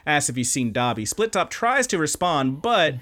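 A man's voice: fairly high pitch, big pitch swings, moderate pace, sharp tone. A man chatting casually on a podcast, walking through the plot of an anime episode. He rambles, swears freely and trips over his own sentences as he goes. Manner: rambling, profane, self-interrupting. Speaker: podcast host. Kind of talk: casual anime recap chat.

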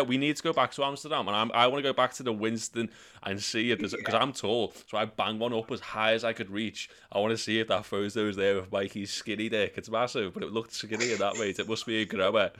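Bright-voiced crude lad. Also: male voice, fairly even intonation, fairly quick, hardly any pauses. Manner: swears freely, laughs while telling stories, mimics voices in sudden high bursts. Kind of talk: crude casual storytelling.

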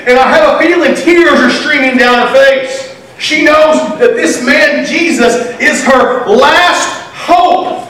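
A male pastor preaching a sermon with passion, now shouting, now dropping almost to a whisper. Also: very high voice, slow. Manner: impassioned, rising to shouts and dropping to near whispers. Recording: echoey room, voice from some distance.

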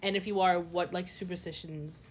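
A woman co-hosting a podcast in casual chat, wry and quick to defend herself. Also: on the low side, fairly even intonation, a little hiss or hum. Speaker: podcast co-host.

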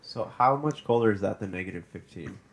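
A man's voice: lowish voice, expressive, fairly quick, slightly rough. A man co-hosting a podcast, asking dry questions in casual chat. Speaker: podcast co-host.

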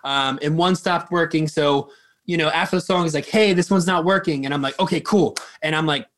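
A man's voice: fairly high pitch, a little fast, fairly bright tone. A man working as a drum tech, telling a story in a casual, rambling way, full of fillers and swearing.

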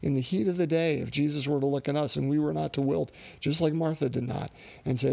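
A man preaching a sermon in an earnest, reflective way, pausing and restarting as he works through his thoughts. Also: fairly high pitch, fairly even intonation, vocal fry, warm tone, no echo.

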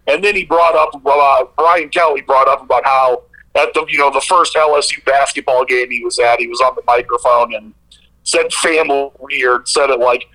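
Bright-voiced man on a sports podcast. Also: mid-range voice, normal speed, rough recording. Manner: rambling, animated storytelling with many fillers. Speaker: podcast co-host. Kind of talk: casual sports chat.

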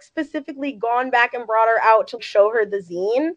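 A young woman from Ohio, co-hosting a podcast and excitedly telling a story in casual chat, full of "like" fillers. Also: a little high, moderate pace, dry recording, lo-fi sound. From Ohio, United States. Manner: excited, gushing, lots of "like" fillers. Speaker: podcast co-host.

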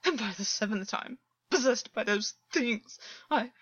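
A woman's voice: a little high, a little slow, a bit bright, slightly rough, dry recording. A woman voicing a tormented male water-horse fae, desperate and fragile, with frantic, broken pleading, on a dull, lo-fi recording. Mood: bitter.

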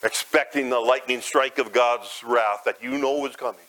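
Man, preacher, dramatic sermon, rises and falls, medium pitch. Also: steady tone, normal speed, rough recording. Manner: dramatic, swells loud and high then drops soft and low. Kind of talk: sermon, guided imagery.

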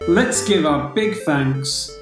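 A man's voice: a little high, animated, slow pace, echoey room, soft background music, low-quality recording. A man co-hosting a casual podcast chat, swearing freely and mimicking as he retells things. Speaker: podcast co-host.

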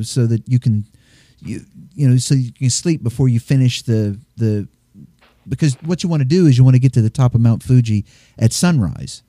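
Man, mellow dark tone, rambling storyteller, dry close mic, casual chat. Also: mid-range voice, dry recording. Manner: rambling storyteller who acts out voices.

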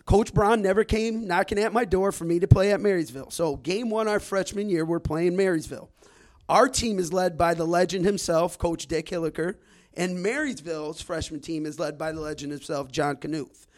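A man in his forties from Detroit tells a rambling story on a podcast. His voice sits a little higher than most men's, and he often doubles back on his words as he goes. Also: moderate pace. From Detroit, Michigan. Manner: animated, repeats words as he builds a story. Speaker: guest storyteller.

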